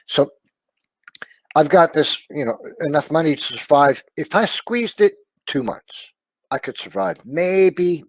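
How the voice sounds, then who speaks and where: A man gives an emotional personal testimony in a mid-pitched, everyday voice. He sounds earnest and confiding, often letting his words trail off softly and checking in with his listener. The recording is close and dry. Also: no room sound. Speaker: storyteller sharing a personal testimony.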